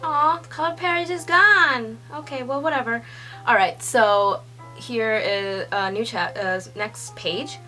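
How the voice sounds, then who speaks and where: A young woman reading a comic aloud and reacting as she goes, excitable and laughing, sometimes hushed and sometimes squealing. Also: a little high, takes it slowly, soft background music, rough recording. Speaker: manga reaction reader. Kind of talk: casual read-along reaction.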